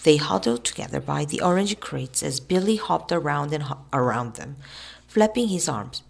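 A woman reading a children's novel aloud in an expressive, lively way. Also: sits low, moderate pace, creaky, slight background noise. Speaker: storybook reader.

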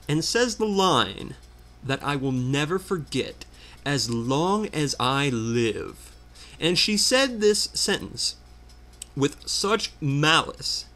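A man doing casual gameplay commentary, telling a story as an animated, exasperated rant. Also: on the high side. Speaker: let's player.

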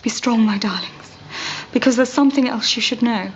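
A woman's voice: on the high side, fairly quick, lightly acted. An actress as a plummy, melodramatic posh mother. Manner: plummy, theatrical, overly dramatic. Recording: dull TV audio with hiss.

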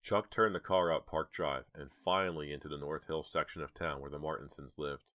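A man narrating an audiobook with measured, dramatic storytelling. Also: very deep voice, steady tone, a bit bright, dry recording, studio quality. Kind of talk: audiobook reading.

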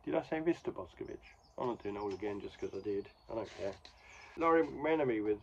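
A man's voice: on the low side, expressive, fast talker, creaky, muffled recording, slight background noise. A man hosting a podcast, casually recapping an old comic in a rambling, chatty way with wry asides. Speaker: podcast host.

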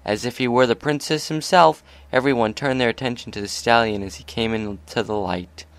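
A man narrating a fan fiction story aloud in a steady, even delivery. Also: medium pitch, brisk, clean tone, dry recording.

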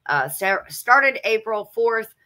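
A woman in easy, unhurried chat, her words drawn out at a slow pace. Her voice is bright and forward, and she breaks into giggles often as she co-hosts a homestead livestream. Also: on the high side, lively intonation. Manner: giggly, laughs often while talking. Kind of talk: casual chat.

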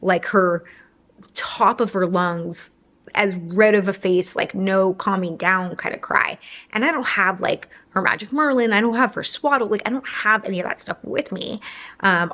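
Young woman, casual storytime vlog, rambling, filler-heavy, lowish voice. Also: steady tone, moderate pace, fairly bright tone. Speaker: vlogger telling a story. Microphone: camera framing, talking to camera.

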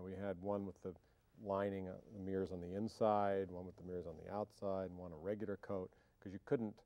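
A man's voice: sits low, warm tone, no echo, muffled recording. A man being interviewed about his acting, talking casually and wryly, joking and trailing off in fillers and restarts. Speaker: film actor interviewee.

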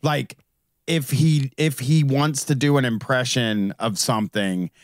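A man's voice: mid-range voice, unhurried, no room sound, studio quality. A man chatting on a podcast, blunt and swearing freely. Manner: blunt, profane. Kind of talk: casual podcast chat.

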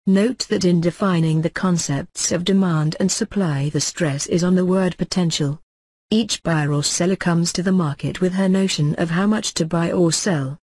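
A man reading economics lecture notes aloud as a lecturer, in a measured, formal textbook delivery. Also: high voice, fairly even intonation, darkish tone, no room sound.

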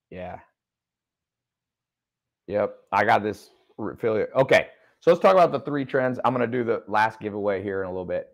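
A man's voice: fairly low pitch, creaky. A man hosting a livestream, reading viewer comments and talking loosely with jokes. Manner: loose, joking, reads chat comments aloud. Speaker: online business mentor. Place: studio with a sound engineer.

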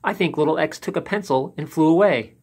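A man's voice: fairly high pitch, fairly quick, breathy edge, voice pushed up. A man voicing little T, a small, worried storybook letter. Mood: alarmed.

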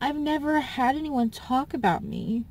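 Tearful high-voiced woman. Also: a little mellow, a little hiss or hum. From Southern US. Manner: halting, repeats herself, restarts often. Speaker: YouTuber. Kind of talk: emotional personal vlog.

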